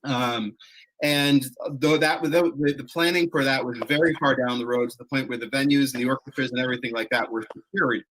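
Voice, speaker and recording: A man's voice: medium pitch, steady tone, a little fast, a bit bright, low-quality recording. A man leading a chorus, telling its touring history in a rambling, self-correcting way, acting out quoted lines. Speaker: chorus leader. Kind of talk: conversational storytelling.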